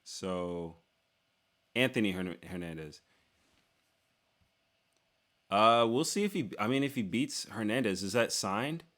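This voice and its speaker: A young man with a slightly low voice chats loosely while reading out and answering viewer questions. He jokes a lot, leans on "dude" and "like", and often restarts his sentences mid-thought. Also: lively intonation, takes it slowly, long pauses, fairly bright tone. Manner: loose and joking, lots of "dude" and "like", trails off and restarts. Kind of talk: casual Q&A chat.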